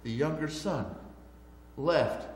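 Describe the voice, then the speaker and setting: Male pastor, sermon, unhurried delivery, slightly high voice, roomy church echo. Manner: slow, drawn-out preaching with sudden loud and soft swings. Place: church sanctuary. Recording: echoey church sanctuary with long reverb.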